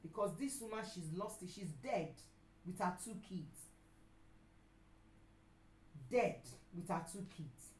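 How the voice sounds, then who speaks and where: A middle-aged woman with a Nigerian accent preaches at a medium pitch, hammering her points home through repetition. Her voice rings out in an echoey room, and now and then she gets suddenly loud. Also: slow, long pauses, slight background noise. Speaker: pastor and counselor. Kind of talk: sermon.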